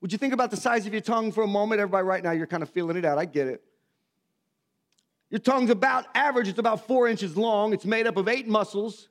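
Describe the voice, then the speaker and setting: A man's voice: high-pitched, quick pace. A man, preaching a sermon in a folksy, self-mocking storytelling manner. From Missouri. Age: 50s. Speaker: pastor.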